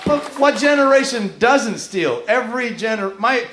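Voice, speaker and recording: Lively comedian in a roomy club. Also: male voice, extremely high pitch, normal speed, over a noisy crowd, heavy background noise. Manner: animated, breaks into loud singing and character voices. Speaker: stand-up comedian. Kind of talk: stand-up comedy set. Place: comedy club stage with a full house. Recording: roomy club sound with loud music.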